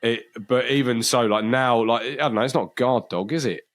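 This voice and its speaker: Casting note: guy, mid-pitch voice, rambly chatty co-host, lots of restarts. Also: a little fast. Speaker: podcast co-host. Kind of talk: casual chat.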